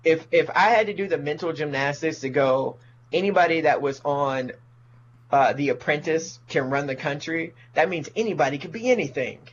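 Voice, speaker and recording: A man's voice: fairly high pitch, normal speed, dull audio, a little hiss or hum. A man, a comedian, ranting profanely in casual podcast talk and mocking people in put-on voices. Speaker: comedian guest.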